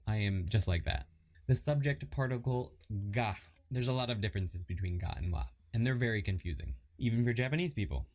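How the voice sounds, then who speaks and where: Chatty man explaining, lively pitch. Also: a little fast. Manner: relaxed and chatty, reads and repeats example sentences. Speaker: Japanese learner teaching lessons. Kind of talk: casual lesson explanation.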